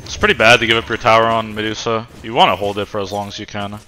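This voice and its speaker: A man's voice: lowish voice, level tone, fast, bright, forceful tone, faint music behind. A man casually commenting on his own gameplay, joking and swearing loosely. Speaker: streamer playing a video game.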